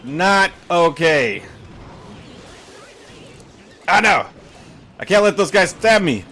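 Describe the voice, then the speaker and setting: A man giving live gameplay commentary, excitable and panicky, quick to laugh and curse. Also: high-pitched. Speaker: gaming YouTuber.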